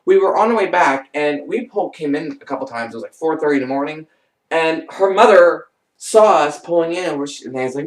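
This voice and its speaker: A young man rambles through his personal stories with animated energy. His voice sits a little high for a man. It comes across set back from the mic, in a room with a noticeable echo. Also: brisk, recorded from a distance. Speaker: vlogger. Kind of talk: casual storytelling.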